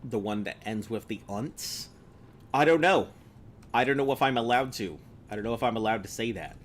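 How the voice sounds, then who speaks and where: A man's voice: mid-range voice, animated, moderate pace. An American man giving casual, rambling commentary while playing a video game, chatting with viewers and laughing at his own jokes. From United States. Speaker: streamer.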